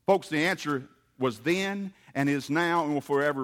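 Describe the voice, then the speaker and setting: A man's voice: on the high side, unhurried, fairly bright tone. A man preaching a sermon in a folksy, emphatic way. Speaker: pastor.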